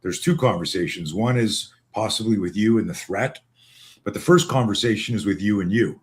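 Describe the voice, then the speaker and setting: Canadian american guy, bit low, rambly and emphatic, lots of restarts. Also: moderate pace. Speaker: co-host. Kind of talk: casual video call conversation.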